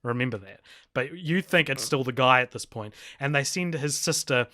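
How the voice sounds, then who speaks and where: A man's voice: mid-range voice, normal speed, dry recording, clean studio sound. A man co-hosting a podcast, rambling through a casual film review with frequent laughs. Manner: animated, rambling, laughs often. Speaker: podcast co-host.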